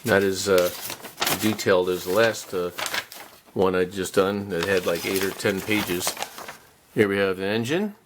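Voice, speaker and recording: A man's voice: sits low, fairly even intonation, measured pace, long pauses, noisy background. A man casually narrating a model car kit unboxing, chatty and rambling, with self-deprecating chuckles.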